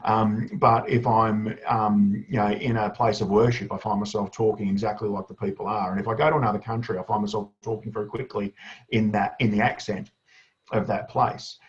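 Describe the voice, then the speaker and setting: Chatty man, low voice, lo-fi audio. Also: brisk. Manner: chatty and energetic, with fillers and asides. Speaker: education consultant presenting a webinar. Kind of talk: casual spoken tutorial. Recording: dull lo-fi webinar audio.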